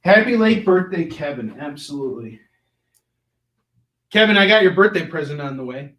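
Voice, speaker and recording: A man hosting a live comic shopping show, giving an animated, jokey sales pitch and shouting silly sound effects. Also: normal speed, roomy sound.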